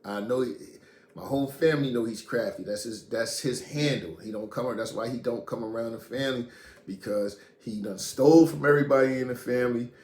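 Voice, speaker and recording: A middle-aged man from Queens, casually telling a story in street slang and profanity, animated and blunt. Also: mid-range voice, brisk. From Queens, New York. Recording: echoey room, faint noise.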